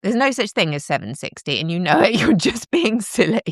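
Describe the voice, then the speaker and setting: A woman's voice: medium pitch, big pitch swings, fairly quick, no echo, clean studio sound. A woman hosting a casual live stream from home into a microphone, rambling and joking at her own expense as she talks with viewers. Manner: rambling, joking, self-mocking, chatty. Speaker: livestream host. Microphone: plugged-in microphone with headphones.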